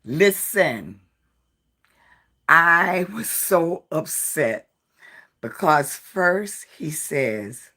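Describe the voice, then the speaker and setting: Tired woman host, unhurried chatty live-stream talk, rambling and friendly to viewers. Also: low voice, big pitch swings, bright, forceful tone. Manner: rambling, chatty storytelling, greets viewers by name. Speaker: live-stream host of a jewelry design channel. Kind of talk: casual live-stream chat.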